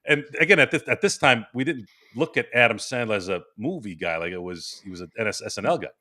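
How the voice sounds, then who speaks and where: Podcast host, male, forties, bright forceful voice, rambling animated storyteller. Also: on the low side, fairly quick. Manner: animated, laughing storyteller with many restarts. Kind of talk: casual storytelling. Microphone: remote stream microphone.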